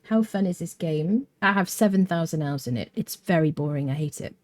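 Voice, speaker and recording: A woman's voice: low-pitched, a little fast, a little mellow, no room sound. A British woman with a mixed accent and a touch of Welsh, chatting casually while streaming a game, thinking aloud, humming and answering viewer chat. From Britain.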